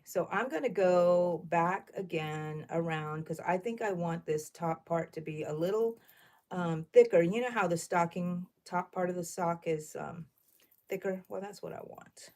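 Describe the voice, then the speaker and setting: A middle-aged woman, chatting loudly and thinking out loud while she crochets on a livestream, asking her viewers questions. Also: on the low side. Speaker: livestream host. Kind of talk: casual crochet livestream chat.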